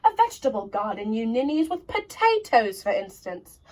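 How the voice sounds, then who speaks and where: A woman's voice: on the high side, very animated, normal speed, darkish tone, low-quality recording. A woman voicing a bossy giant housewife who scolds in an emphatic storybook reading. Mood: exasperated.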